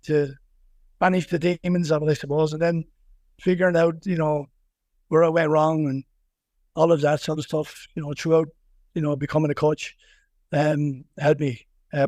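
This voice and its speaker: Middle-aged Wexford Irish man, fairly high voice, close dry mic, rambling guest who restarts often. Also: a little mellow, no room sound. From Ireland. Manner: rambling, many restarts and repeated words, laughs easily. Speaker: boxing coach, guest. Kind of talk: casual podcast interview.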